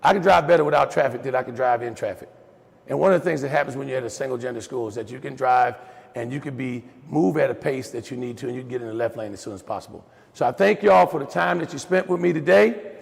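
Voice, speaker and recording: A middle-aged man, speaking at a virtual Q&A as a folksy, animated storyteller who talks to his listeners as "y'all". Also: medium pitch, fast talker, gravelly, big-room sound. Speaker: guest speaker on raising boys.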